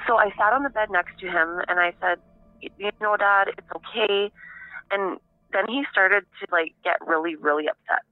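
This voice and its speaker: A woman giving an interview over the phone, telling her story in a halting, reflective way. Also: medium pitch, dry recording, soft background music. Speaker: interviewee, daughter of the subject. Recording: narrow tinny phone line.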